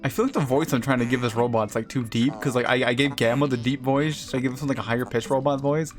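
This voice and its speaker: A man's voice: medium pitch, steady tone, fast talker. Guy streaming a game, cussing and cracking jokes, faint music in the back. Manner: profane, joking, laughs often. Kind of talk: casual gameplay commentary.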